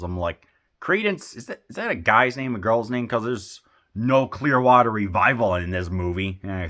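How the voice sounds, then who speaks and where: A man talking through a film review in a loose, rambling way, stumbling over restarts and fillers. His voice sits a bit low but comes across bright and forceful. He sounds befuddled and exasperated by what he is describing. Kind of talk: casual film review vlog.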